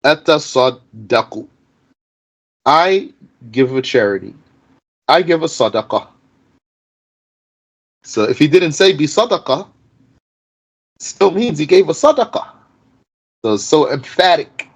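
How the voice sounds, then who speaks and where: A man teaching an informal Arabic grammar lesson in a slightly high voice. He talks slowly and deliberately, reciting a line of Arabic and then explaining it piece by piece in English. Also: animated, husky, rough recording.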